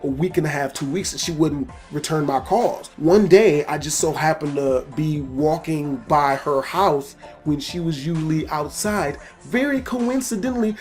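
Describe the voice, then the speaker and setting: A man's voice: on the high side, normal speed, soft background music. A man telling a personal story in a casual vlog, swearing often and acting out the scenes. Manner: profane, animated storytelling. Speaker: storytelling video host.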